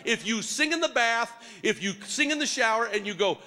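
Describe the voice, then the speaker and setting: Picture a man with a notably high voice standing before a church congregation, calling people up and coaxing them along. He teases and jokes with the crowd in a lively, interactive way. He sounds loose and playful as he keeps the room involved. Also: a little fast, few pauses. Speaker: preacher leading a congregation.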